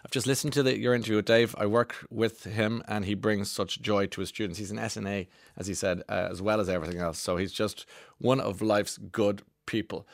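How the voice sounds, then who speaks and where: A man's voice: on the low side, fairly even intonation, fairly quick, gravelly, dry recording. A man with an Irish accent hosting a radio show, reading out listener texts in a chatty way with enthusiastic interjections, on a studio microphone. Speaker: radio host.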